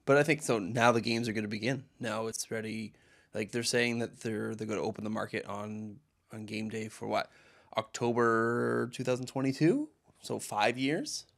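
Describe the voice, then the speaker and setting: Male co-host, gravelly fry in the voice, laid-back hockey chat. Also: fairly low pitch, moderate pace. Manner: easygoing, agreeable, trails off mid-thought. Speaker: podcast co-host.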